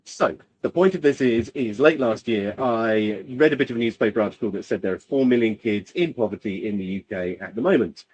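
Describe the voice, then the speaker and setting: A man's voice: on the low side, fairly quick, few pauses, a little mellow, highs cut off. A man co-hosting a podcast, talking casually and rambling with lots of fillers, from the UK. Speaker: podcast co-host. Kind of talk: casual chat.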